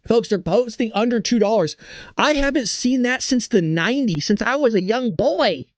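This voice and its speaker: A man in his thirties hosting a casual political commentary show, excitable and hyped up, laughing often and teasing his chat. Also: extremely high pitch, normal speed, no echo. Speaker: show host.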